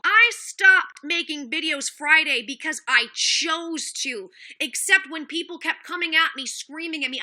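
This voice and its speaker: High, bright-voiced woman ranting angrily. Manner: angry, defensive, profane, addresses chat commenters by name. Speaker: livestreamer. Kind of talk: heated livestream rant.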